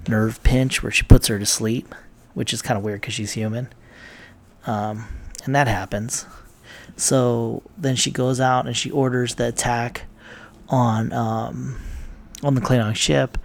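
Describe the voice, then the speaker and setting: A man's voice: medium pitch, creaky. A man casually recapping TV episodes, rambling and swearing with plenty of ums and uhs. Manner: rambling, profane, lots of fillers. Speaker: TV recap vlogger.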